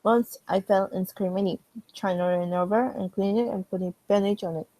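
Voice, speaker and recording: Reading a fan story in character, a woman with a medium-pitched voice speaks at a moderate pace through a strained throat. She's steady, pausing occasionally to chat with viewers, and the recording is rough but free of echo.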